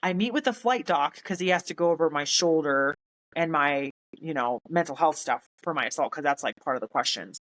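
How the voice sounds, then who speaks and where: A woman speaks in a somewhat low voice, recounting events in a loose, conversational way. She is blunt and animated, swears casually, and slips into quick impressions of the people she is describing. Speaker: podcast guest, military veteran. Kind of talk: casual storytelling.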